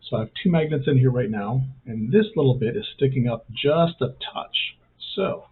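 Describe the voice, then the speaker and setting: A man's voice: mid-range voice, moderate pace, slight background noise. A man hosting a casual step-by-step hobby tutorial, talking in a rambling way with self-mocking jokey asides. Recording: thin phone-like sound.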